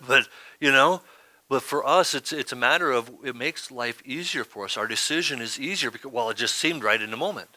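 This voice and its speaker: A man's voice: mid-range voice, sharp tone, no echo. A man preaching a sermon as pastor, talking in a conversational way and often asking "right?".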